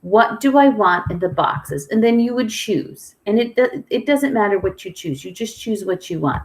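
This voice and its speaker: A woman's voice: medium pitch, normal speed, few pauses. A woman teaching an online music lesson to young children, speaking patiently and leading call-and-response rhythms. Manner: patient, clear, sing-song call-and-response prompting.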